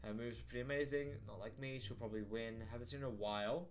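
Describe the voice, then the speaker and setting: A man's voice: mid-range voice, steady tone, fast talker, close to an everyday voice. Casting: man voicing a jittery snake king, rambling and sleepless. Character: self-declared king snake, sleepless and jumpy.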